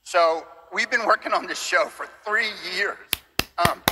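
A man's voice: high voice, measured pace, sharp tone, husky, rough recording. A man, a studio co-founder, giving an earnest, emotional stage presentation of a new series. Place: large event stage.

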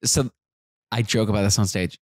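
A man's voice: lowish voice, steady tone, moderate pace, no echo, studio quality. A young man, a rabbi, chatting as a podcast guest in casual, joking banter. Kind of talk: casual comedic chat.

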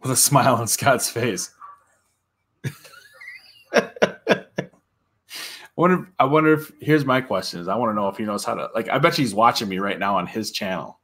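A man's voice: on the low side, moderate pace, long pauses, fairly bright tone, husky. A man talking casually to viewers on a livestream, chatty and laughing often. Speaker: livestream guest.

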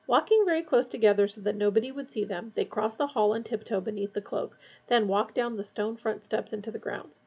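A woman reading a novel aloud in a steady, measured way. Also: medium pitch, creaky, slightly rough, highs cut off. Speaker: audiobook reader.

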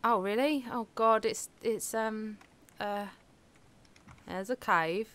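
A woman with a British accent, chatting casually while playing a game, giggling often and breaking into quick exclamations. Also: a little high, fairly bright tone, clear, resonant tone. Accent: British English. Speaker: let's play co-host. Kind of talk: casual gaming chat.

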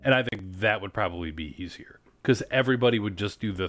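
A man's voice: fairly low pitch, fast, a bit bright, no room sound. A man co-hosting a podcast in casual, rambling chat, often saying "like". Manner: chatty, rambling, heavy use of "like". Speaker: podcast co-host.

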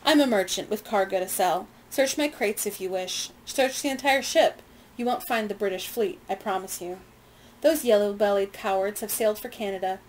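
A woman reading a smooth defiant merchant. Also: medium pitch, normal speed, slight background noise, natural voice, poor audio. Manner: smooth, evasive and scornful.

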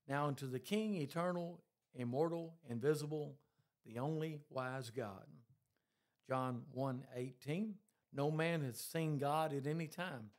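A man preaching a sermon, emphatic and quoting long scripture passages in a measured cadence. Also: mid-range voice, darkish tone. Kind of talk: scripture-based sermon teaching.

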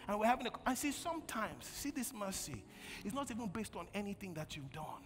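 A man preaching a sermon as pastor, calling on the congregation to answer and swinging from loud bursts to quiet storytelling. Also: high voice, big pitch swings, brisk. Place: large church hall. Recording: long church hall reverb, faint music.

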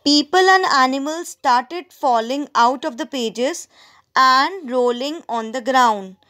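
A woman's voice: high-pitched, lively intonation, slow, a bit bright. A woman teacher reading a story aloud to students, stopping to explain words and ask them questions. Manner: explains word meanings to students; asks the listeners questions.

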